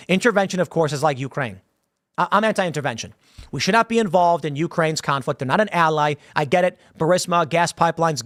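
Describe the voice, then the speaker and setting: A man's voice: fairly high pitch, a bit bright, no echo, studio quality. A man giving an emphatic political opinion monologue, restarting phrases often and acting out quoted voices as he talks. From United States. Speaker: political commentator.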